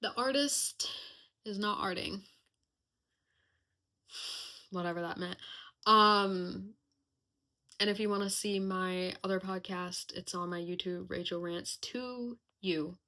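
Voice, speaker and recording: A woman's voice: fairly low pitch, steady tone, slow pace, bright, forceful tone. A young woman hosting a casual personal podcast, talking candidly and reflectively with lots of chatty fillers. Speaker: podcast host.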